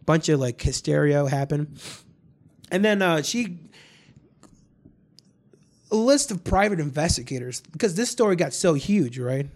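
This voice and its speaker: A man hosting a casual podcast, his voice gravelly with frequent vocal fry. He sits fairly high for a man and rambles through a story. He swears freely and keeps restarting his sentences. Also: expressive, a little slow, long pauses, a little mellow. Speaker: podcast host. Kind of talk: casual chat.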